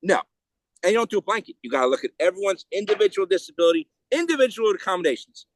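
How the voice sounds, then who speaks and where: A man speaking as a podcast guest in a heated, rapid way, often restarting and repeating words. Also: high voice, sing-song, a little hiss or hum. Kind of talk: casual interview talk.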